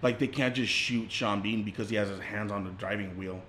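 A young man co-hosting a podcast, calmly retelling a film's scenes in casual speech with some swearing. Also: fairly low pitch, a little fast, slight background noise. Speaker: podcast co-host. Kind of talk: casual movie recap.

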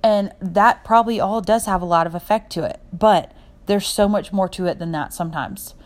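A woman's voice: medium pitch, normal speed. Rambling, heartfelt young woman podcaster. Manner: rambling and heartfelt, jumps between points. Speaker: podcast host. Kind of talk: unscripted personal podcast monologue.

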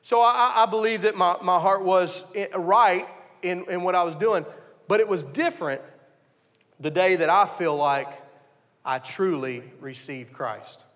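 A man's voice: high voice, measured pace, a bit bright, big-room sound. A man preaching a conversational sermon, telling his story earnestly and often restarting his sentences. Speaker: pastor.

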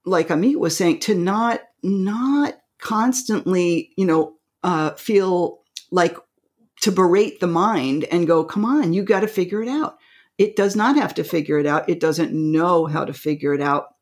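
A woman co-hosting a spiritual podcast, excitable and animated, who acts out little voices and laughs often. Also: fairly low pitch, a little slow. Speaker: podcast co-host.

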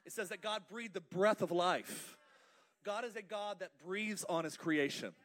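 A male pastor preaching a lively, joking sermon in church and calling the congregation to respond. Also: high-pitched, measured pace. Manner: playful, asks the congregation to respond.

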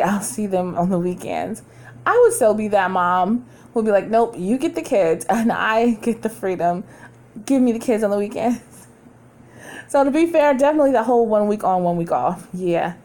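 Warm and mid-range, a woman's voice carries her casual home podcast, where she chats openly and breaks into laughter frequently.

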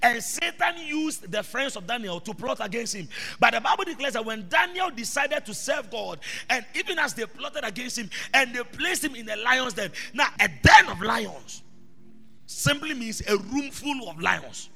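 High, gravelly preacher. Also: male voice, expressive, normal speed. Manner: passionate preaching, swinging between quiet asides and shouted proclamations. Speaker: preacher, apostle. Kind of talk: sermon. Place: church hall. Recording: reverberant church hall with music behind.

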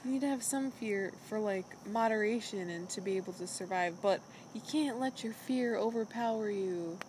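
A woman's voice: mid-range voice, moderate pace, a little hiss or hum. Chatty woman retelling a story. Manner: chatty, animated retelling with quoted asides. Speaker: podcast co-host recapping a show. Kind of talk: casual chat.

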